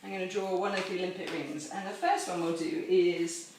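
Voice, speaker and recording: A woman with a fairly low, steady, slightly mellow voice speaks fairly quickly as she hosts a children's chapel assembly from her home and its garden course, indoors and out. In this home video lesson she cheerfully breaks down games step by step with a playful touch. The sound comes from a distant camera mic held by a helper, echoey with faint noise.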